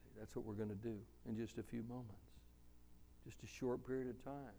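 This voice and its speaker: A male preacher giving a sermon in a church, slow and conversational, asking the congregation questions. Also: medium pitch, steady tone, dark tone, a little hiss or hum.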